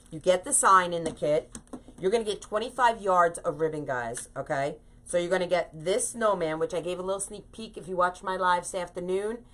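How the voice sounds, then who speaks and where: A middle-aged woman hosting a chatty craft livestream, greeting viewers by name in a bubbly, upbeat way. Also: fairly low pitch. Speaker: wreath-making livestream host. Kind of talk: casual livestream chat with viewers.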